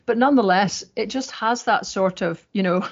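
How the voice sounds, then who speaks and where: A woman's voice: mid-range voice, moderate pace, slightly rough. A woman co-hosting a political discussion podcast in a chatty, wry way with many fillers. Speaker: podcast co-host. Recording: dull lo-fi sound.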